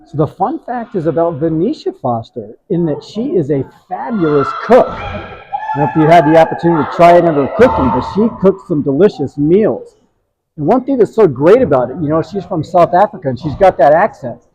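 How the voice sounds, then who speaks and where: Color commentator guy, kinda high mellow voice, rambling fun facts. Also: very animated, brisk, rough recording. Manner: chatty, anecdotal, friendly asides. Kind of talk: casual hockey color commentary.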